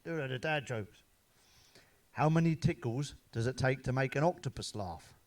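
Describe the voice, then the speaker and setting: A man's voice: medium pitch, moderate pace, a little mellow. A middle-aged man telling one-liners and dad jokes as a stand-up comedian, cursing often and chuckling at his own punchlines. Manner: swears freely, laughs at his own jokes.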